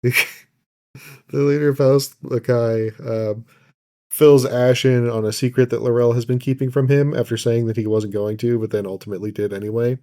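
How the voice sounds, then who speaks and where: A man's voice: medium pitch, normal speed. A man co-hosting a podcast, casually recapping a show's plot with plenty of ums and uhs. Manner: relaxed, loose plot recap with many fillers. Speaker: podcast co-host recapping an episode. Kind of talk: casual chat.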